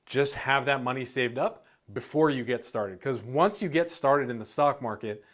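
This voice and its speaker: A man's voice: mid-range voice, normal speed. A man hosting an investing channel, explaining in a casual, chatty way with lots of "um" and the odd "dude", sometimes acting out nervous investors. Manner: laid-back, chatty, uses "um" and "dude"; acts out worried investors in lively asides.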